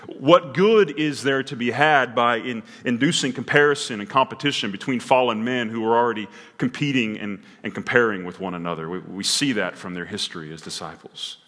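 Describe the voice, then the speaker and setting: Male pastor, mid pitch, earnest sermon delivery with emphatic swells; reverberant sanctuary sound. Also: brisk, few pauses, fairly bright tone. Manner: earnest, rising to emphatic peaks with frequent restarts. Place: church sanctuary.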